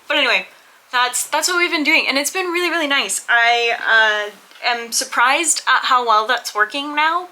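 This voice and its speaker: A woman's voice: fairly high pitch, pushed and bright, low-quality recording. A woman vlogger talking in a candid, rambling, self-deprecating casual chat.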